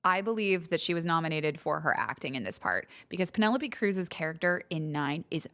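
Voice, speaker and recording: A woman's voice: sits low, expressive, fairly quick, fairly bright tone. A woman guest on a film podcast, chatting animatedly with plenty of "like" and laughing asides. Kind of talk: casual film podcast chat.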